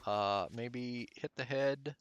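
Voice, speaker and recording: A man streaming a game, chatting casually and rambling as he thinks out loud. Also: medium pitch, slow pace, lo-fi sound, a little hiss or hum. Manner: mutters at the game.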